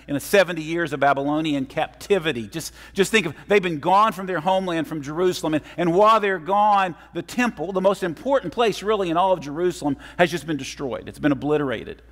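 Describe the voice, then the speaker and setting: A man's voice: a little high, a little fast, a bit bright. Man preaching in a reverberant church. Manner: friendly, storytelling with humor. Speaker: guest preacher. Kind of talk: sermon. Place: church sanctuary. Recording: long reverb of a church hall.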